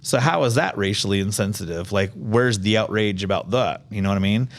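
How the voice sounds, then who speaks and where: A man from Iowa hosting a podcast, talking casually in an animated, rambling, opinionated way. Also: lowish voice, brisk. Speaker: podcast host. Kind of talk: casual chat.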